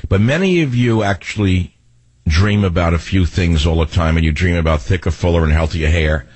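An older male radio talk host with a husky, lowish voice, recorded close and dry in a studio. He rambles through personal stories, restarting sentences and jumping between asides. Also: moderate pace, dry recording. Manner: rambling, animated storytelling with restarts. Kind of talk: radio talk show monologue. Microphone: studio microphone.

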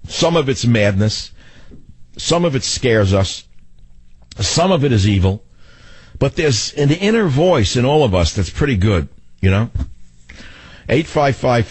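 An older male radio talk host with a husky, lowish voice, recorded close and dry in a studio. He rambles through personal stories, restarting sentences and jumping between asides. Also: no room sound. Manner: rambling, animated storytelling with restarts. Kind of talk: radio talk show monologue. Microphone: studio microphone.

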